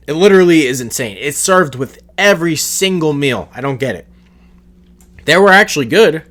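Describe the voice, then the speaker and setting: A man's voice: on the high side, fairly bright tone. Blunt, profane man ranting solo. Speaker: podcast host. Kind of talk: solo podcast rant.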